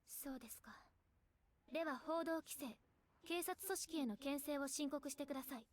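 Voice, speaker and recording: A woman's voice: high-pitched, fast, dry recording, natural voice. A woman voicing a composed, businesslike young woman in a visual novel, speaking curtly and formally. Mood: cool. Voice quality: curt, formal.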